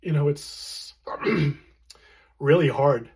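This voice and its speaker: Husky-voiced man telling a personal story. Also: a little high, darkish tone. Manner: earnest, reflective, with many fillers and pauses. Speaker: storyteller recounting his late partner.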